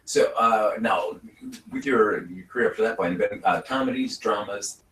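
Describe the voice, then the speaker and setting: A man's voice: lowish voice, normal speed, a bit bright. A man hosting an interview show, upbeat and enthusiastic. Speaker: talk show host. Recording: roomy studio, mic at a distance.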